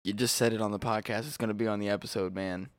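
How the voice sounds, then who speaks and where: A man's voice: on the low side, fast talker, dry recording. A man co-hosting a casual podcast, telling stories with lots of laughter. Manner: laughs often, animated storytelling. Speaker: podcast co-host.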